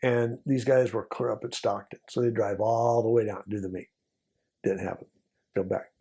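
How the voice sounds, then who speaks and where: Brief: older male guest, gravelly and husky voice, casual storytelling. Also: lowish voice, steady tone, normal speed, warm tone. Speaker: retired DEA agent, guest.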